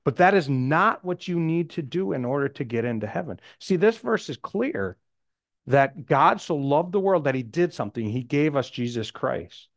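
A man's voice: on the high side, lively intonation, normal speed, creaky, no room sound, clean studio sound. A man who is a missionary, casually retelling a street conversation with lots of "um"s and "I said"s. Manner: rambling, many "um"s and "I said"s. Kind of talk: casual storytelling testimony.

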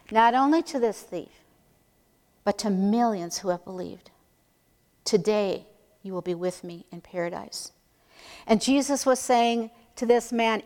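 A woman preaching a sermon in an earnest, emphatic way, slowing down to stress key phrases. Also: mid-range voice, darkish tone, long reverb tail.

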